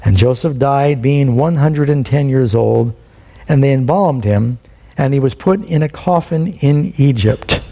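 A man's voice: medium pitch, unhurried, gravelly. A man teaching a sermon verse by verse, in a conversational way, acting out the people he quotes. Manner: conversational Bible teaching with lively quoted voices. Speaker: preacher.

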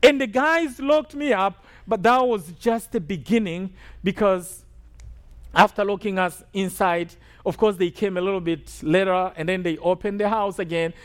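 Male preacher from Rwanda, very high voice, emphatic testimony delivery with call-and-response asides. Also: moderate pace. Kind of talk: sermon testimony.

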